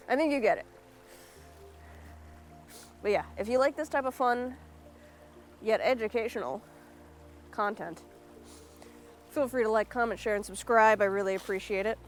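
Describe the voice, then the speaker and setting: A woman's voice: on the high side, moderate pace, long pauses, soft background music. An American woman giving blunt, sarcastic solo commentary as a vlogger, swearing freely.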